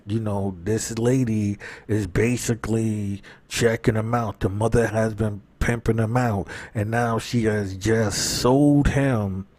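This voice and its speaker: A man's voice: lowish voice, darkish tone, no echo. A man giving a rambling, casual recap of a show, often asking "right?" and "you know". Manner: reads out characters' lines in his own voice. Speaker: show commentator.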